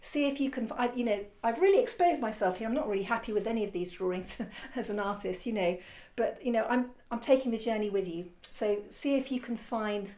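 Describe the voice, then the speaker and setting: A woman's voice: fairly high pitch, fairly quick, hardly any pauses, mellow. Chatty encouraging woman art teacher. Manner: rambling, encouraging, self-correcting. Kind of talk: casual demonstration lesson.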